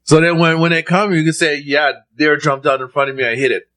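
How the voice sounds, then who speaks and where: A man's voice: on the high side, fairly even intonation, fairly quick, pushed and bright. Emphatic man giving blunt advice. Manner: emphatic, insistent advice with laughter. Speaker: podcast co-host. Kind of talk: casual chat.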